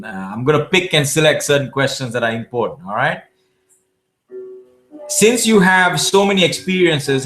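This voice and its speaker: During a live Q&A, a public speaking champion from South Asia responds to viewers with emphatic coaching advice, frequently restarting mid-phrase. His voice runs somewhat high with a slightly bright tone.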